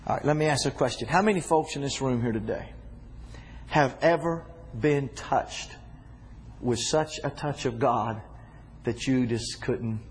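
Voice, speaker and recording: A man preaching a sermon to a congregation in a church, talking casually to the room and breaking into loud shouts. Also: medium pitch, a little slow, slight background noise. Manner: animated, shouting bursts and conversational asides to congregation.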